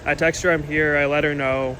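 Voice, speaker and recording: A young man tears through an indignant storytime monologue at a rapid clip, his voice sitting a little high. He acts out the quoted lines as he goes. Behind him is a faint hum of outdoor traffic. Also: rough recording. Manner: animated, indignant retelling with quoted dialogue.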